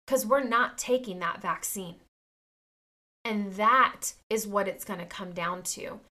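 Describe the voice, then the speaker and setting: A woman's voice: medium pitch, takes it slowly, pushed and bright. A woman in her thirties talking straight to her viewers in a personal vlog, emphatic and indignant, often calling them "you guys". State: near tears at times. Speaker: vlogger.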